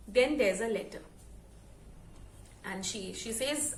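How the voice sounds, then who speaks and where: A woman, telling a story to her channel in an expressive, chatty way. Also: medium pitch, measured pace, long pauses, echoey room, slight background noise, rough recording. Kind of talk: storytelling vlog.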